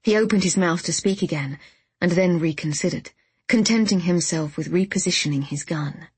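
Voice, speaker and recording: A woman reads a novel aloud in a measured, first-person storytelling voice. Her tone sits on the low side and is breathy. The recording is close and dry. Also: no echo. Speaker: audiobook narrator. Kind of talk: scripted narration of a novel.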